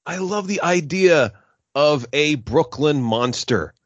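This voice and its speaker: A male podcast co-host who drops in wry, chuckling asides. His pitch moves around a lot. The recording is dry and a bit dull. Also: lively intonation, takes it slowly, dry recording. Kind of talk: casual comedic chat. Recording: dry, slightly muffled recording.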